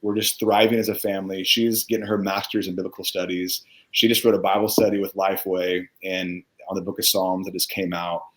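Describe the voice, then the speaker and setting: Middle-aged man, low voice, sincere and emotional interview guest. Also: little pitch movement, fairly quick, few pauses, a bit bright, low-quality recording. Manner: heartfelt, earnest, gets choked up. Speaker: guest musician. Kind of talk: casual interview chat.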